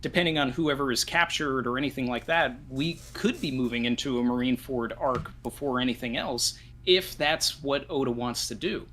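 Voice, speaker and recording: A man on an online panel who thinks out loud, full of asides as he builds his point. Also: mid-range voice, moderate pace, few pauses, slight background noise. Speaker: podcast panelist. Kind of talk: casual discussion.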